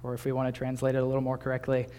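A man's voice: medium pitch, monotone, racing, mellow, clear, resonant tone. A young man in his twenties preaching a sermon in a conversational way, with small laughs and restarts. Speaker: pastor.

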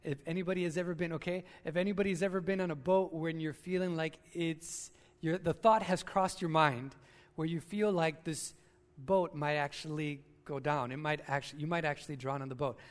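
Man, pastor, sermon, high voice, animated storytelling, echoing church hall. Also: brisk. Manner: animated storytelling, acts out screams and quotes. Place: church sanctuary.

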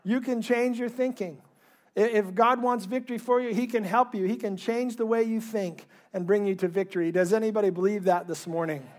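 A man preaching a Sunday sermon in church, fervent and emphatic, rising into loud bursts. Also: sits high, fairly even intonation, a little fast. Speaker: pastor.

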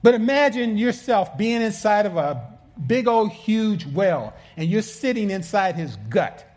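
A man's voice: high-pitched, sing-song, unhurried. Earnest preaching pastor, man. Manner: earnest, stumbling restarts, swings between soft asides and emphatic peaks. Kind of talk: sermon.

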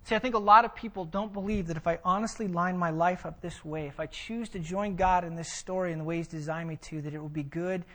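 A man's voice: a little high, fairly bright tone. A man preaching a sermon, emphatic and full of vivid storytelling. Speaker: pastor.

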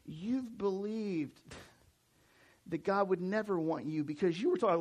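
A man in his forties from the United States, preaching a sermon to a church audience in a conversational, animated way, often restarting his sentences. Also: sits high, unhurried. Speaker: pastor.

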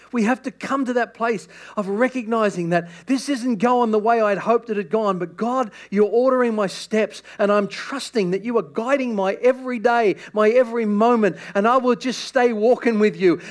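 High-voiced man preaching with passion. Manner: impassioned, repetitive appeals that swing between loud and hushed. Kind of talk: sermon.

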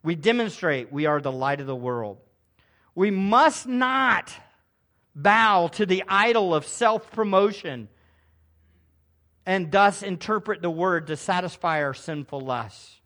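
Man, pastor, sermon, slow deliberate delivery, bright voice, emphatic, calls for responses. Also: sits high, lively intonation. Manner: emphatic preaching, swinging from hushed asides to loud proclamations.

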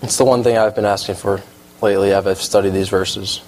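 A man preaching a casual sermon, animated and emphatic, repeating phrases as he talks through verses. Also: brisk, slight background noise, rough recording. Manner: animated, emphatic, rises in pitch when excited.

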